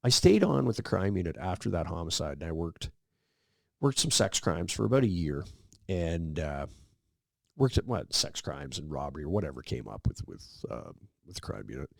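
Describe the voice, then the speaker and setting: Very deep, gravelly-voiced man telling stories. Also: normal speed, no room sound, clean studio sound. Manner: relaxed anecdotal storyteller, acts out quoted dialogue. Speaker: podcast guest. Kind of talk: casual storytelling interview.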